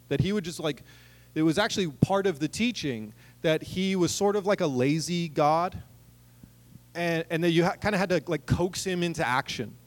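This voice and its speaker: A man preaching a sermon, reading scripture and breaking in with joking, animated asides to the congregation. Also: high voice. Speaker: pastor. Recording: long reverb of a large hall.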